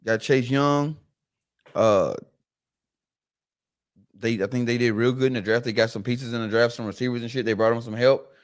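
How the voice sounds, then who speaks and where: Male co-host, casual sports chat, medium pitch, animated retelling with stammered restarts. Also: normal speed, long pauses. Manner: animated storyteller, acts out quoted voices, repeats words. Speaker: podcast co-host.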